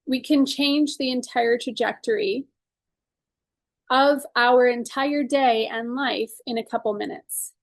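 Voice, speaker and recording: A woman's voice: a little high, fairly even intonation, unhurried, no echo. A woman leading a guided tapping session and teaching casually, earnest and upbeat, often saying "like" and "right?". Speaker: EFT tapping coach.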